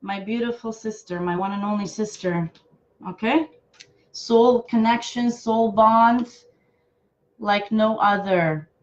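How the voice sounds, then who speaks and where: A woman giving live card readings to viewers, affectionate and halting, with many fillers and restarts. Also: medium pitch, highs cut off. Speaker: intuitive card reader.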